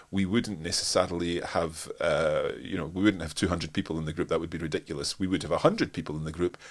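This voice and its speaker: A man with a Scottish accent and a stuffed-up nose, answering viewer questions in a live webinar, hesitant with frequent restarts. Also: low voice. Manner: hesitant, many restarts and fillers.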